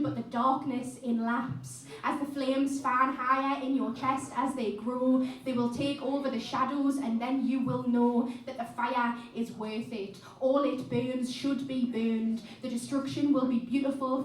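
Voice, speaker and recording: A woman poet performing spoken word live on stage, with an impassioned, rhythmic delivery and chatty asides between poems. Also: high voice. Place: live music venue stage. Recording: echoey room, mic at a distance.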